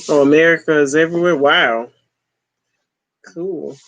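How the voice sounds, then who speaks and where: A livestream host in their forties, chatting in a relaxed, easygoing way. They chuckle often and toss out short, repeated replies. The sound is close and dry, with no room echo. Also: medium pitch, measured pace. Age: 40s. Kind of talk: casual livestream chat.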